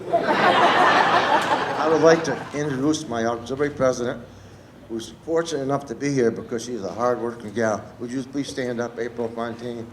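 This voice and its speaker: A man serving as a veterans' post commander, giving an unscripted ceremony speech and reading a poem. He talks haltingly and gets choked up. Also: medium pitch, animated, background noise. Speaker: American Legion post commander. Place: outdoor public ceremony.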